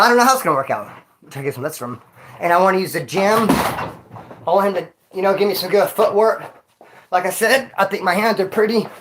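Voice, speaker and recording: A man's voice: high voice, slight background noise. Slangy winded man telling stories. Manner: slangy street talk, calls listener dog and homie. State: winded after exercise. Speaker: vlogger. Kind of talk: casual storytelling vlog. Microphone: phone.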